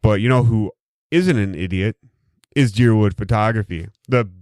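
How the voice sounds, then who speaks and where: A man's voice: fairly low pitch, moderate pace, a little mellow, dry recording. A man hosting a casual podcast, rambling and joking with heavy profanity, recorded close on a studio mic. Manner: rambling, heavily profane, jokey. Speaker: podcast host. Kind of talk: casual chat.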